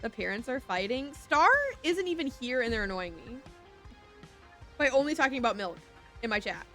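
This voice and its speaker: A woman's voice: a little high, lively intonation, normal speed. A young woman streaming a shop game, chatting casually and giggly, reading chat aloud and slipping into a playful whiny voice. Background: game music.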